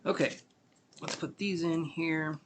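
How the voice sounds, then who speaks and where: A man giving a live tarot reading, talking gently and meanderingly with many fillers, sleepy and yawning. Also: a little high, steady tone, slow, a little hiss or hum. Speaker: tarot reader.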